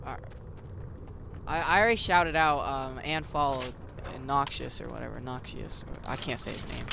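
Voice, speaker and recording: A man's voice: medium pitch, moderate pace, vocal fry. A man live-streaming a video game, chatting casually and teasing his teammates in joking banter. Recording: noisy stream audio.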